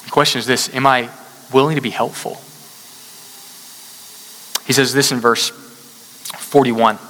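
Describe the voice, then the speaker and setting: Man, pastor, conversational sermon delivery, bright and forceful tone, fairly high voice, long hall reverb. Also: measured pace, slight background noise. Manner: conversational, animated storytelling with asides.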